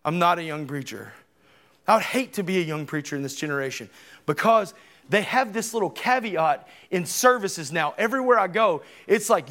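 A man in his thirties, a preacher delivering an emphatic, conversational sermon with sudden loud bursts. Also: high voice, lively intonation, normal speed. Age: 30s.

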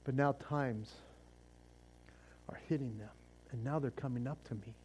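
A man's voice: mid-range voice, a little slow, a little mellow, a little hiss or hum. A man preaching a sermon as pastor, fervent and casual, often repeating words as he restarts.

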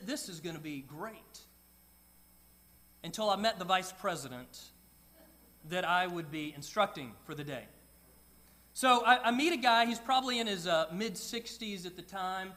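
A middle-aged man preaching a sermon, telling a personal story with soft, quiet asides. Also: high-pitched. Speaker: pastor.

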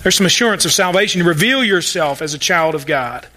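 A man delivers a Sunday sermon in a fairly high, bright voice. He preaches in a folksy, emphatic way and slips in playful, sarcastic asides to the congregation. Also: expressive, quick pace. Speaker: pastor.

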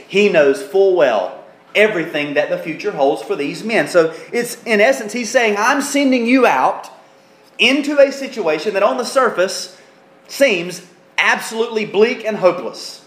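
A man's voice: high-pitched, animated, normal speed, a bit bright, echoey room. A pastor preaching an expository sermon in an earnest teaching tone, and he acts out the quoted speech.

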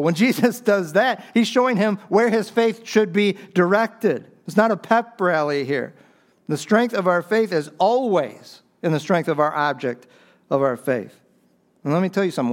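A middle-aged man preaching a sermon as a pastor, swinging from emphatic raised peaks down to quiet, low stresses, with brief chuckles between phrases. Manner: impassioned, rising to emphatic peaks and dropping low for key points.

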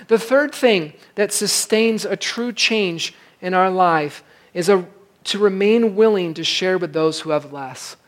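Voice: mid-range voice, measured pace. A pastor giving a sermon in an emphatic, conversational way, with asides to the congregation.

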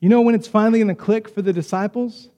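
A man preaching a sermon as the pastor, in a conversational, animated way with quick acted asides. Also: high voice, big-room sound, dull audio.

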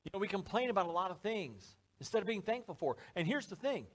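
A man's voice: high voice, sing-song, quick pace. A man preaching a sermon to a church congregation, speaking in a conversational, joking way. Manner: conversational, joking, acts out little scenes. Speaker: pastor. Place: church service before a live congregation.

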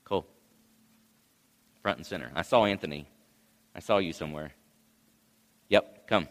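A man preaching a sermon as pastor, unhurried, with passages that swell into loud cries. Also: deep voice. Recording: long hall reverb.

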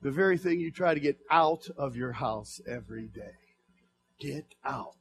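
A male pastor preaching a sermon to his church, swinging from soft murmurs to fervent shouts. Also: mid-range voice, expressive, moderate pace, vocal fry.

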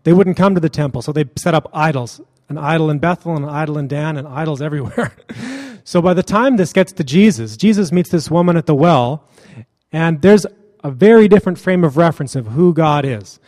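A man's voice: fairly high pitch, animated, brisk, darkish tone, in a large hall. A man preaching a sermon in a casual, joking and blunt way.

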